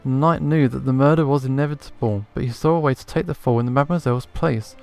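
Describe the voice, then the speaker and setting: Man doing a smooth theatrical impostor. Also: mid-range voice, fast, a little mellow, soft background music, close to an everyday voice. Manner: florid, theatrical storytelling. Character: smooth male impostor posing as a prince, theatrical. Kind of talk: reading game dialogue aloud.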